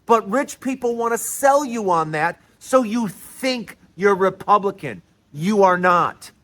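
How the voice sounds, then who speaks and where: Guy with a pretty high voice, lecturing hard, repeats himself a lot. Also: fairly bright tone. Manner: emphatic, repetitive, lecturing. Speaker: host. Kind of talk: opinionated political monologue.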